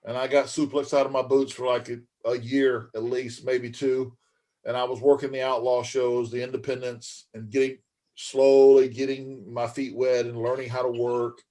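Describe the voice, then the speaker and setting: A man's voice: medium pitch, level tone, normal speed, warm tone. A middle-aged former pro wrestler, a guest on an interview podcast, telling long rambling stories in a folksy way and calling his host man and brother. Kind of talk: casual storytelling interview.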